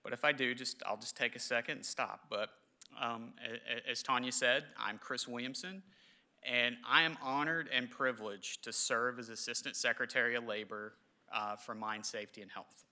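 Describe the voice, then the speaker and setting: A man, giving a halting, emotional memorial ceremony speech in a large hall. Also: mid-range voice, steady tone, pushed and bright. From southern West Virginia. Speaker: government official speaker.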